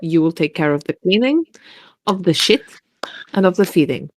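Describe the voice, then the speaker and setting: A woman's voice: lowish voice, expressive, moderate pace, darkish tone. Woman playing a stern pirate man. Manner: firm, clipped commands.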